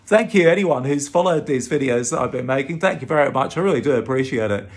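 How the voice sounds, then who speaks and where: A man with a British-sounding Australian accent speaks in a slightly high, animated, brisk voice. A vlogger and advocate for infected blood victims, he talks casually to camera, exasperated and emphatic, often restarting his sentences.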